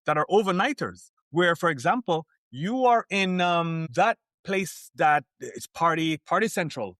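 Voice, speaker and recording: A man as a podcast guest, talking in an animated, emphatic way and telling stories from the cruise world. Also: on the high side, unhurried, no echo, clean studio sound. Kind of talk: podcast interview.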